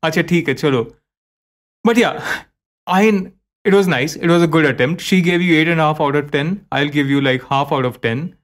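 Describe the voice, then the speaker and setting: Guy hosting, kinda high pitched, lively, throws in hindi words. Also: normal speed. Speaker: sports show host. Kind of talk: casual sports talk.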